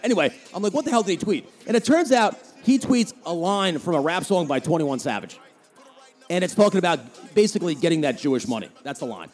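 A man from New Jersey with a New Jersey accent, hosting a solo podcast and ranting sarcastically about the news. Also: fairly high pitch. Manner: sarcastic, heated, mocking. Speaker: podcast host. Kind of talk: opinionated solo podcast rant.

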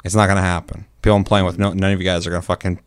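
A man's voice: low-pitched, level tone, racing, smooth, dry recording, studio quality. A young adult man co-hosting a podcast, talking casually and profanely, rambling and acting out what others might say. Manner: profane, rambling, acts out quotes. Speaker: podcast co-host. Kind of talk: casual chat.

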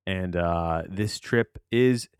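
A man's voice: deep voice, slow pace, smooth, no echo, studio quality. A man hosting a solo podcast, rambling and digressing as he reviews a movie, often restarting his sentences and swearing casually. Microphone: close to the mic.

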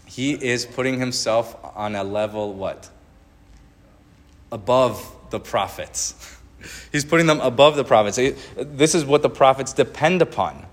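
A man giving a sermon, reading scripture verses aloud with rising emphasis and then explaining them in a looser, conversational way. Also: medium pitch. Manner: reads verses with rising emphasis, then comments with small laughs and restarts. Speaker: preacher.

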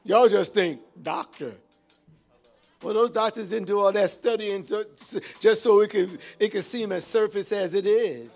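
High-voiced exclaiming older preacher. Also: male voice, normal speed, hardly any pauses, soft background music. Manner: exclamatory, calls out to the congregation; lively, animated preaching with sudden shouts. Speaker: pastor. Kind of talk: sermon.

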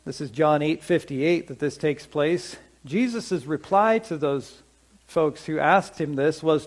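Pastor guy preaching sunday service, kinda high voice, asks the congregation stuff. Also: animated. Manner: conversational, asks the congregation questions; slows down to stress scripture quotes. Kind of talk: sermon.

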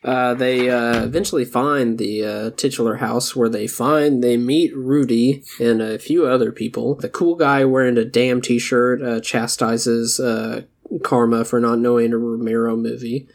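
A man's voice: mid-range voice, fairly even intonation, measured pace, vocal fry. A man co-hosting a movie podcast, recapping a film's plot in a dry, wry, casual way. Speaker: podcast co-host. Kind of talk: casual movie-review chat.

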